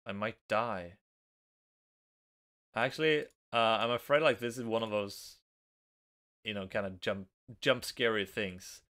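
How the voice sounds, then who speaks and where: A young Norwegian man, speaking with his native accent, hosts a let's play and casually comments on the game, reading its text aloud with nervous giggles. His voice is lowish and fairly bright, unhurried, with long pauses.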